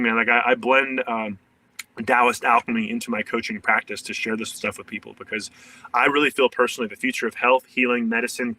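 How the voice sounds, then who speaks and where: Male coach, podcast guest, earnest, rambling fillers, bright tone, mic set a bit far. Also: medium pitch. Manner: earnest, many "like" fillers and restarts. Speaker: shadow work coach. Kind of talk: casual podcast interview.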